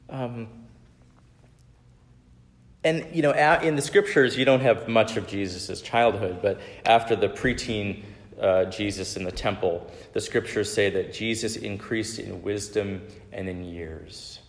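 A man in his thirties delivers a sermon built on personal stories, checking in with "right?" as he goes. His voice sits a little low and moves at an unhurried pace. The recording is roomy, with a long hall reverb. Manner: conversational, frequent "right?" tag questions. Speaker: pastor.

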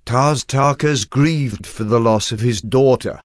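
A man reading first-person adventure narration in a formal, measured storytelling manner. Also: mid-range voice, dry recording, clean studio sound. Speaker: audiobook narrator.

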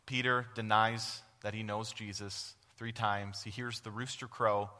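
A man's voice: on the low side, little pitch movement, unhurried, bright, forceful tone, in a large hall. A man preaching a sermon as a guest speaker at a church, earnest, putting questions to the congregation and answering them himself. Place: church sanctuary.

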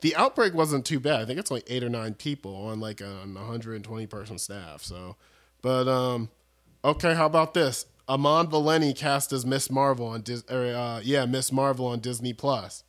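A man's voice: mid-range voice, normal speed, fairly bright tone. Joking, rambling young man on a podcast. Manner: rambling, joking, restarts stories. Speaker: podcast co-host. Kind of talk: casual chat.

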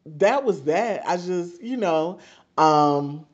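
A woman co-hosting a casual chat, playful and quick to laugh, with a drawn-out delivery. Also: on the low side, animated, lo-fi sound. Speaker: co-host.

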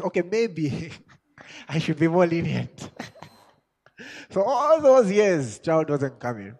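A man preaching a sermon as an apostle, chuckling and asking himself questions as he builds from quiet musing to shouted exhortation. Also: mid-range voice, vocal fry. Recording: long hall reverb.

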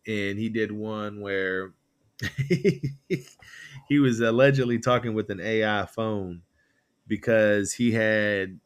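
A man's voice: fairly low pitch, unhurried, long pauses, clean tone. Rambling man on a political podcast. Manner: rambling, animated retelling with quoted voices. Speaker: podcast co-host. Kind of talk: casual political chat.

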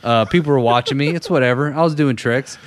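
Young man, casual podcast chat, animated storyteller, dry close sound. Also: mid-range voice, quick pace, no room sound. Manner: animated storyteller, laughs often. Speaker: podcast host.

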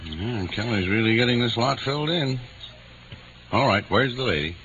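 A man's voice: mid-range voice, expressive, normal speed, fairly bright tone, close to an everyday voice. An actor playing an easygoing middle-aged father in an old radio drama, humoring his daughter. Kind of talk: 1950s radio drama acting. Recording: dull old radio broadcast with faint hiss.

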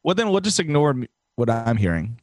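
A man's voice: medium pitch, big pitch swings, fairly quick, dry recording. Wry young man telling a story. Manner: wry, relaying a news story with asides. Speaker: podcast co-host. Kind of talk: casual chat.

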